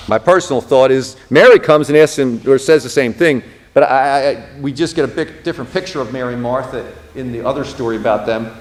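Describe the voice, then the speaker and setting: A male pastor lecturing a class in a relaxed, talky way, voicing the speakers he quotes with plenty of expression. His pitch sits in the middle of the male range, and he keeps throwing in casual asides as he teaches. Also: brisk, few pauses. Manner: animated, acts out quoted speech with expression; casual, asides like "you know what I mean".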